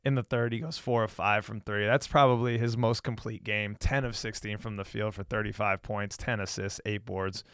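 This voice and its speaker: A man's voice: lowish voice, steady tone, moderate pace, few pauses, a bit bright, clean tone, dry recording, studio quality. A man co-hosting a casual sports podcast, joking and teasing his cousin in an easygoing way. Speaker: podcast co-host.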